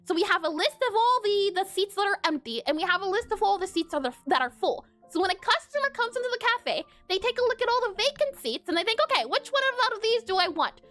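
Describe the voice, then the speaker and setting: A woman game developer narrating a casual coding devlog, chatty and giggly, often correcting herself and spelling words out loud. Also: very high voice, big pitch swings, fast talker, hardly any pauses, soft background music.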